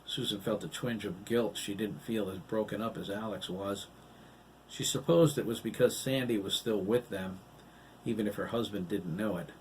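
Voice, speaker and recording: A man narrating his own novel in a steady, even audiobook reading. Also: lowish voice, moderate pace, far from the mic, slight background noise, rough recording. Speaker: author and narrator.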